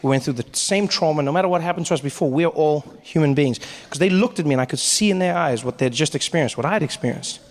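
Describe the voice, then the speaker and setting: A man performing stand-up comedy, telling a story in an animated way. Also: fairly high pitch, fast talker, hardly any pauses. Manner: animated, big voice swings for characters.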